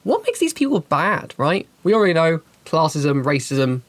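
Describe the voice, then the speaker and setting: A woman hosting a channel, giving game master advice in an animated, chatty and emphatic way. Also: sits low, moderate pace, no room sound. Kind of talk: casual advice talk and storytelling.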